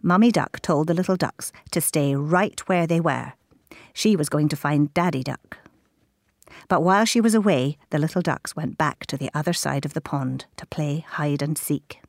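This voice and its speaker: A woman reading a children's story aloud, animated and dropping into whispers at times. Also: deep voice, moderate pace, gravelly, no room sound, clean studio sound.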